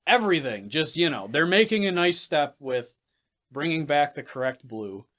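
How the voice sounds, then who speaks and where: A man's voice: fairly high pitch, very animated, normal speed, a bit bright. A man co-hosting a sports podcast in casual chat, blunt and ranting, swearing freely as he makes his case. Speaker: podcast co-host.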